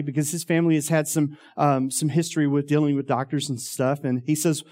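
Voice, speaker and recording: A man's voice: fairly high pitch, fairly quick, hardly any pauses, darkish tone. A man, telling a long personal story in a rambling way, full of ums and uhs. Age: 40s. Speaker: former youth minister.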